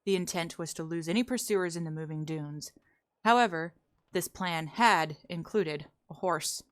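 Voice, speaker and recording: A woman streaming a roleplay game, chatting casually and reading a story aloud in a relaxed, conversational way. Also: lowish voice, moderate pace.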